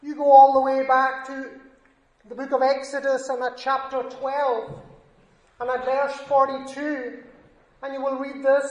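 Slow, earnest preacher in an echoey room. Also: male voice, very high-pitched, monotone. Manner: earnest, emphatic, rising on scripture quotes. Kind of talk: sermon.

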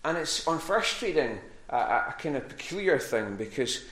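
A man's voice: on the high side, very animated, normal speed, fairly bright tone. A man preaching a sermon to a congregation in a church hall. He speaks conversationally and often repeats words while he searches for the next one.

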